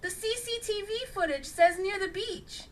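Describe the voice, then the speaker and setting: A woman's voice: extremely high pitch, normal speed, recorded from a distance, voice pushed up. Woman voicing an eager male sidekick.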